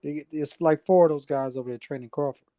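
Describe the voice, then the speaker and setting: A man's voice: fairly high pitch, fairly even intonation, fast, warm tone, dry recording. A man on a boxing talk stream, chatting casually and agreeably, often saying "you know what I'm saying".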